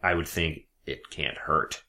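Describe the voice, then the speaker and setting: A man's voice: a bass voice, fairly even intonation, measured pace, sharp tone. A man, an actor, in casual chat, joking and laughing often. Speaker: actor looking for work.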